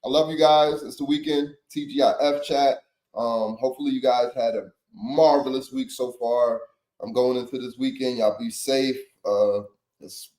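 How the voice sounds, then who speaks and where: A young man hosting a casual livestream, chatting with viewers in slang, swearing freely, laughing often and letting out loud yelps. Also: medium pitch. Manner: laid-back, laughs a lot, slangy and profane, breaks into loud yelps. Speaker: livestream host.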